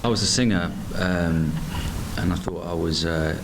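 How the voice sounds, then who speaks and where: A man's voice: low-pitched, moderate pace, background noise. A male comedian from London answering interview questions, hesitant and self-deprecating. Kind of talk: casual interview.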